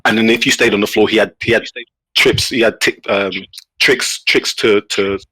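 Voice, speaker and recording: A man telling a story in a casual podcast chat, animated, with many restarts. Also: fairly low pitch, normal speed, slightly rough, dry recording, poor audio. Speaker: guest player.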